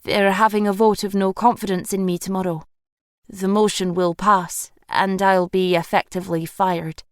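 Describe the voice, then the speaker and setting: A woman voicing a solemn woman in her forties who speaks in short, flat, monotone answers. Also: medium pitch, normal speed, clear, resonant tone, no room sound, studio quality, natural voice.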